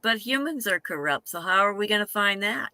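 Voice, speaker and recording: A man's voice: high voice, expressive, fairly quick, pushed and bright, no room sound. A man in casual chat who asks wry, joking questions.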